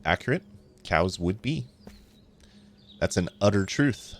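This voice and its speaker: A man hosting a gaming channel chats casually over gameplay in let's-play commentary, laughing often and trailing off with fillers. His lowish voice has lively intonation and is a little slow, with slight background noise.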